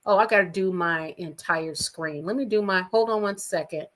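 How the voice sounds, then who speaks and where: Bright-sounding lady host, chatty gossip stream from her room at home. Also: on the low side, moderate pace. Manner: chatty and gossipy, talks straight to viewers. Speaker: livestream host. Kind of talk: casual gossip chat.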